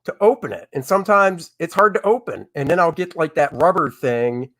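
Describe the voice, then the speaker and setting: A man's voice: fairly high pitch, expressive, fairly quick, fairly bright tone, no room sound, studio quality. A middle-aged man hosting a comics live stream, chatting casually and reading viewer comments in a rambling way. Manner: rambling, chatty, with many fillers and asides.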